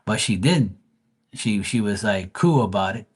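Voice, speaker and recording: A man's voice: on the low side, expressive, measured pace, breathy edge. A man, a psychic tarot reader on a livestream, telling a story in a loose, profane, rambling way with many restarts. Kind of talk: casual storytelling.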